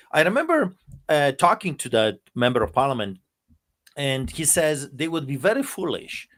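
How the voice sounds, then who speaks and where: Forceful accented pastor telling a story. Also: male voice, medium pitch. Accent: noticeable non-native English accent. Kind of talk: passionate storytelling.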